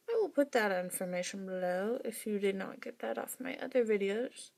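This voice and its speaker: A woman's voice: mid-range voice, normal speed, creaky, few pauses, darkish tone. A woman vlogger talking casually to her viewers, rambling with wry asides. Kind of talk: casual monologue to camera.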